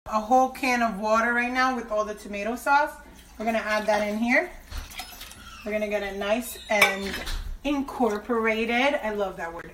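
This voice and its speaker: A woman hosting a casual cooking vlog, chatty and playful with slang, her voice slightly hoarse. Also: medium pitch. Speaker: cooking show host. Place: home kitchen. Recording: roomy, distant mic, clattering kitchen noise.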